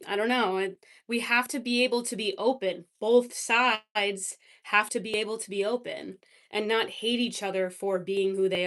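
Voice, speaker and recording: A woman's voice: mid-range voice, a bit bright. A woman livestreamer in casual chat, reacting to chat messages with lots of fillers.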